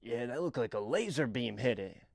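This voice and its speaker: A man's voice: mid-range voice, lively intonation, moderate pace, vocal fry, no echo, clean studio sound. A man voicing an adult male bus passenger who talks earnestly and conspiratorially about aliens.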